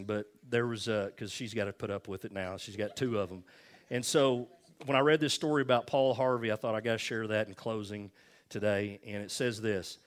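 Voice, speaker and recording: An older man, a pastor, closing his sermon with a folksy story, acting out the voices in it, then leading a prayer. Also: lowish voice. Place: church sanctuary.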